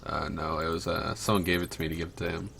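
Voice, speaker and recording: A man chatting casually as a player in a tabletop game, with a very low voice. There is a gravelly fry in his tone, and his manner stays playful. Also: level tone, fast talker, a bit bright, slight background noise.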